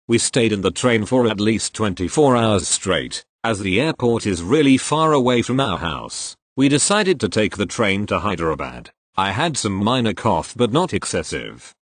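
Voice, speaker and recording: A man reading online posts aloud as narrator, in an expressive storytelling manner. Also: lowish voice, no echo.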